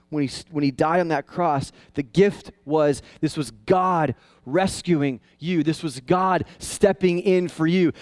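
A male pastor preaching a casual, conversational sermon that swings into high, excited tones. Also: no echo.

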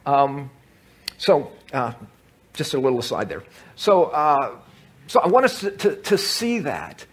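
A man's voice: medium pitch, very animated, measured pace, slightly rough. A man leading a Bible study class for a large group, talking through scripture in a conversational way, repeating words and asking the room questions. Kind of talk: teaching talk to a group.

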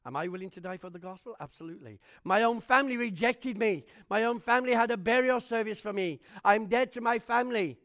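A man preaching a sermon, telling his own testimony with animated storytelling and fervent rhetorical questions. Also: high-pitched, quick pace, hardly any pauses.

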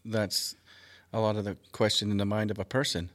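Low-voiced folksy man in Bible chat. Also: level tone, fairly quick, fairly bright tone. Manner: folksy, uses plain everyday comparisons. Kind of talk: casual Bible discussion.

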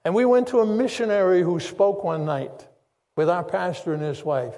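An older man preaches from the pulpit in a high-pitched voice. He tells his story earnestly and circles back on key phrases for emphasis. His voice carries a long reverb through a church sanctuary. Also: animated, moderate pace, mellow. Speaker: pastor. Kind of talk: sermon testimony.

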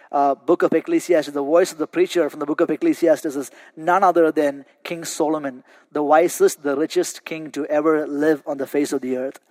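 A man's voice: high voice, a little mellow, no room sound. A male pastor preaching a sermon, telling a story and often repeating words as he restarts a phrase.

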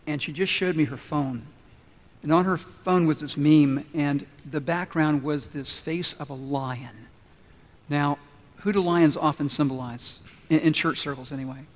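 Earnest pastor guy preaching, slightly high voice, hall echo. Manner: earnest, builds to emphatic repetition, softens into prayer. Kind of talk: sermon. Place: church sanctuary.

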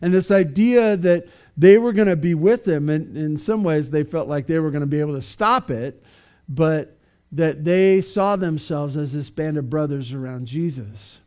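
Male pastor, sermon, slightly high pitch, warm mellow tone, conversational, hesitant fillers. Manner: conversational, halting with many fillers and restarts. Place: church.

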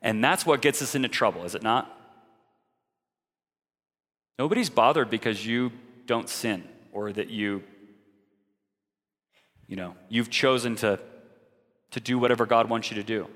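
A man's voice: mid-range voice, unhurried, long pauses, a bit bright, long reverb tail. A man preaching a sermon in an earnest, direct way, now and then mocking the views he argues against.

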